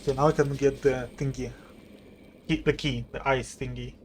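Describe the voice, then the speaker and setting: A man's voice: medium pitch, steady tone, moderate pace, a little hiss or hum. Rambling male game streamer. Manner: rambling, self-talk with restarts. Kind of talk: casual live-stream chat.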